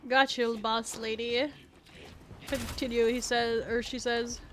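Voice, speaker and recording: Brief: young woman game streamer, high youthful voice, rambling and profane, sniffly with a cold. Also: flat delivery, slow pace, slight background noise. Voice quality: high, youthful voice she calls cute. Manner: rambling, swears often, reacts to chat. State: sniffly, sneezing and clearing throat. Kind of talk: casual game stream chat.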